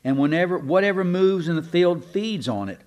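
A man preaching a sermon, slow and emphatic, asking rhetorical questions and sometimes restarting mid-phrase. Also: high voice, animated, darkish tone.

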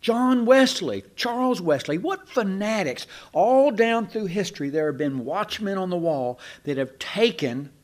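An older man preaching a sermon, telling church history as stories with asides and restarts. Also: a little high.

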